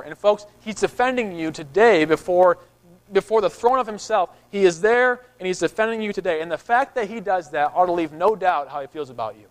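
A man's voice: sits high, expressive, fairly quick, rough recording. A man preaching a sermon in a conversational way, often repeating words and acting out the people in the story. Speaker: pastor.

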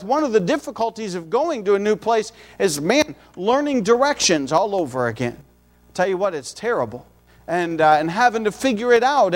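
A man with a notably high voice delivers a sermon in an easygoing, folksy manner. He talks like a missionary preacher chatting with his congregation, with plain homespun asides woven between the scripture.

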